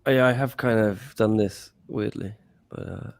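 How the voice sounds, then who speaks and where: A man's voice: on the low side, a little slow, gravelly. A tired man co-hosting a casual live watch-along chat over a video call, joking and swearing as he wraps up. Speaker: show co-host.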